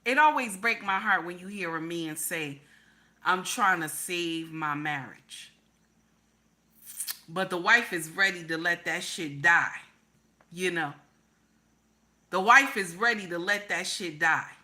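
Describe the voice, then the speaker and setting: A woman's voice: on the low side, unhurried, bright, forceful tone. A woman giving relationship advice in a profane, emphatic monologue, repeating her points over and over. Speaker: relationship commentator.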